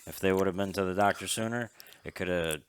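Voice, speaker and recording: A man's voice: sits low, a little fast, a little hiss or hum. A man co-hosting a casual podcast chat, explaining things at length with plenty of fillers. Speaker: podcast co-host.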